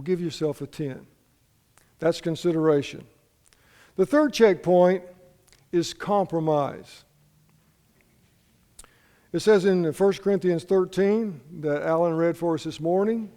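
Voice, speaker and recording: A man's voice: high-pitched, takes it slowly, pauses often, dark tone, long reverb tail. A man preaching a sermon as pastor, telling folksy stories and asking the congregation questions. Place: church sanctuary.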